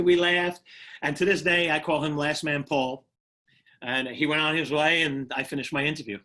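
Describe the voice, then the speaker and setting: A man's voice: fairly high pitch, steady tone, normal speed, bright, forceful tone. Guest, middle-aged New York man, casual storyteller who restarts and repeats himself. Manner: repeats words and restarts often, laughs easily. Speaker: guest, retired firefighter and motivational speaker.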